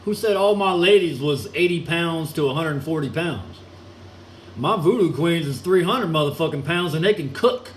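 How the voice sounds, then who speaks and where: A man's voice: on the high side, animated, normal speed. A man delivering a crude, mocking, rambling rant, chuckling now and then. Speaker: solo ranting vlogger. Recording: echoey room with air conditioning hum.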